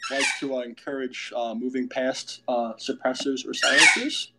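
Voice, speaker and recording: A man moderating a casual debate, announcing topics and time in halting, stiffly formal phrasing. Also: medium pitch, steady tone, heavy background noise.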